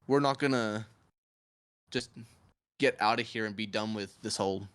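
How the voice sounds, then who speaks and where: A man's voice: fairly low pitch, moderate pace, fairly bright tone, smooth. A young man casually hosting a school podcast, joking around and laughing in slang. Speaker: student podcast host.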